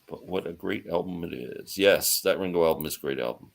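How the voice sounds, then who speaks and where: A man's voice: low-pitched, brisk, gravelly. A man hosting a casual live-stream chat, talking with enthusiasm, laughing often and reading out viewer comments.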